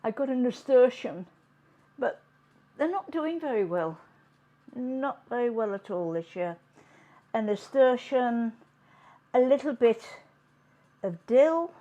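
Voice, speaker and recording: A woman hosting a home cooking demonstration, chatting in an unhurried way as she works in her kitchen. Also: a little high, expressive, warm tone, muffled recording. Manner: chatty, unhurried, talks while working. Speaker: cooking show host.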